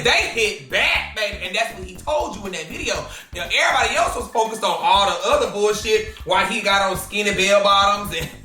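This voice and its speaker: A man hosting a drama commentary show, talking in a sassy, slangy, animated gossip style. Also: high-pitched. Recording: roomy echo.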